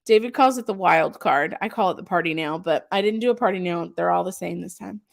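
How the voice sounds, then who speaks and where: This woman speaks fairly low and fairly quickly, with a gravelly texture. She runs a small craft shop and is hosting a casual live stream, chatting and gushing about her products with plenty of filler ums. She also reads out viewer comments and answers them.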